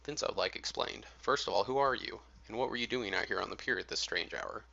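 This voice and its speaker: A man voicing a calm, mild-mannered young reporter who asks polite, steady questions, in a storybook reading on dull lo-fi audio. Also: on the low side, fast talker, creaky. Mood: calm, probing.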